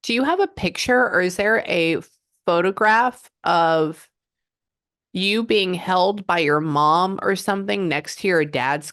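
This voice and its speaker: Low-voiced woman relaying a medium reading. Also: no echo, studio quality. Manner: animated, relays messages in quotes, frequent "hold on". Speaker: psychic medium.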